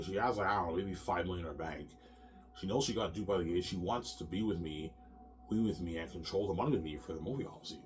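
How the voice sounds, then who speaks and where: Man with a very low voice, agitated and profane, in a rambling monologue that loops back on itself. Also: darkish tone. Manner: agitated, profane, repetitive, ends phrases with "man".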